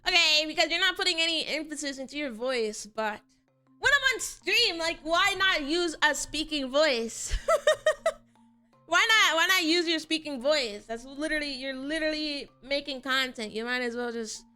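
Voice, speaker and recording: A woman's voice: high voice, expressive, moderate pace, bright, forceful tone, faint music behind. A young woman VTuber chatting casually on stream, answering chat and laughing often.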